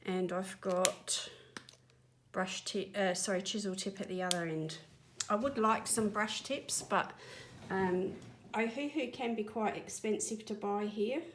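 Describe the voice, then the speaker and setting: A woman's voice: medium pitch, fairly bright tone, slight background noise. An Australian woman chatting casually while colouring at home, a bit breathless and apologetic, rambling as she works. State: slightly out of breath. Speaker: colouring channel host. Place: home spare room studio.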